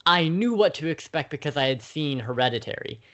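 A young man co-hosting a podcast who speaks in a measured, thoughtful way with frequent ums. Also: a little high, animated, a bit bright. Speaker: podcast co-host. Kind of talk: casual conversation.

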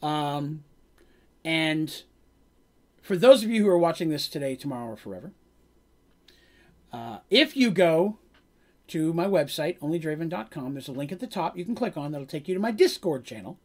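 Lively man recapping a tabletop game. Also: on the high side, normal speed, pauses often. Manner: casual and rambling, lively, laughs often. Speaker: game master.

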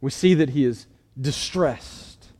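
A man preaching a sermon. He swells in emphasis, then drops quiet, and adds casual asides. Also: medium pitch, takes it slowly. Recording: long hall reverb.

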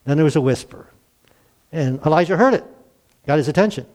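A man's voice: fairly high pitch, animated, a little fast, darkish tone. A man in his sixties preaching a conversational sermon, acting out the dialogue and chuckling now and then.

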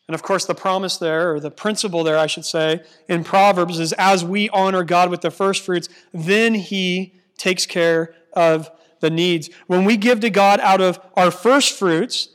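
Man, pastor, high voice, earnest sermon, slows down for emphasis. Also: fairly bright tone. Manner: earnest preaching, slows for emphasis, reads scripture aloud.

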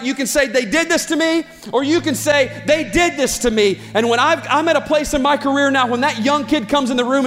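A man preaching a sermon as pastor, impassioned and building to shouts. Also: very high-pitched. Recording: long hall reverb with faint music.

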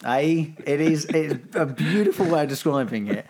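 A man's voice: on the high side, expressive, normal speed, a little mellow. A man talking as a guest on a podcast, rambling with frequent restarts and repeated words. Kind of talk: casual chat.

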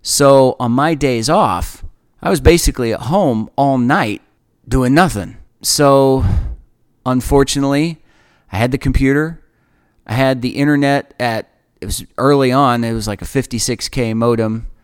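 A man in his forties telling a personal faith testimony in an earnest, emotional way, often halting and restarting. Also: mid-range voice, clear, resonant tone. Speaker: speaker sharing a personal testimony.

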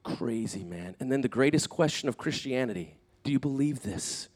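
A man preaching a sermon as pastor, animated and conversational, acting out quoted speakers, swinging between loud emphatic peaks and soft, hushed asides. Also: mid-range voice, normal speed. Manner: conversational, with fillers and restarts.

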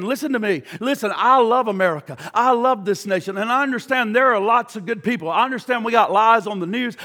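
Bright, high-pitched preacher man. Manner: impassioned preaching, swings from hushed to shouting. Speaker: pastor. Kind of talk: sermon. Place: church.

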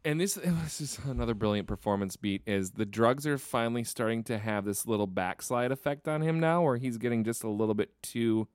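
A man's voice: medium pitch, a little fast, few pauses, clean tone, no room sound, studio quality. A man co-hosting a casual film podcast, enthusiastic and casually swearing as he breaks down scenes. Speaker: podcast co-host.

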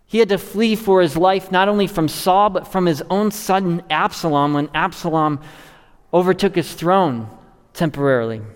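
Earnest preacher in an echoing hall. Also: male voice, normal speed, clean tone. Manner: earnest, rising to stress and dropping low to close a thought. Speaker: pastor. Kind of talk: expository sermon.

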